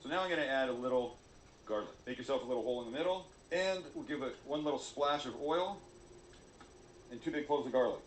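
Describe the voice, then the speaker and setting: A man's voice: mid-range voice, quick pace, echoey room, soft background music. Joking man demonstrating a recipe. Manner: jokey, self-mocking, chatty. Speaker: cooking show host. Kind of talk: cooking demonstration video.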